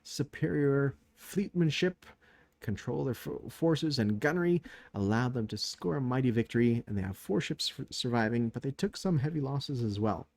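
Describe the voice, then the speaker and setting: A man's voice: mid-range voice, expressive, moderate pace, gravelly, a little mellow, no room sound. A man casually recapping a turn of a strategy board game, thinking aloud with many fillers, tired late at night.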